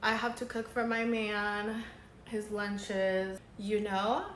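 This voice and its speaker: A young makeup artist speaks in a mid-range voice with a flat, slow delivery, telling a dramatic story in a casual, chatty vlog style and saying "girl" a lot. The sound is roomy, with slight background noise.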